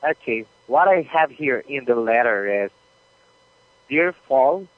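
A man taking an order as a customer service supervisor, polite and patient, with hesitant pauses. His voice comes through a thin, narrow phone line that sounds dry and close. His pitch is ordinary for a man. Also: animated, dry recording.

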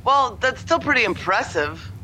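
A man co-hosting a casual chat, animated and quick to tease, who reads poems aloud in a mocking voice. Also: very high-pitched, a little hiss or hum, rough recording. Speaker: podcast co-host.

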